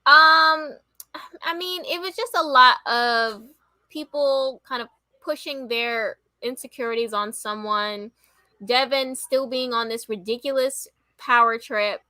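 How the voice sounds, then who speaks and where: A woman co-hosting a casual reality-show review chat, giving her opinions in a measured way. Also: fairly high pitch, sharp tone, no room sound. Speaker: co-host.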